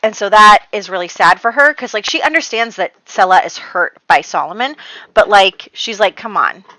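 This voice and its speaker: A woman talks through her Sims family's drama in a casual, chatty recap, peppering it with "like" and quick quoted lines. Her voice is bright and forward. The sound is dry and close. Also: mid-range voice, expressive, no room sound, low-quality recording. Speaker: Sims gameplay narrator.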